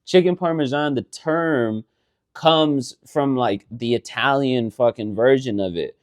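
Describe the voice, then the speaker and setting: Animated, swearing male podcast co-host. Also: mid-range voice, a little slow, dry recording, studio quality. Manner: rambling, animated, swears often. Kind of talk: casual chat.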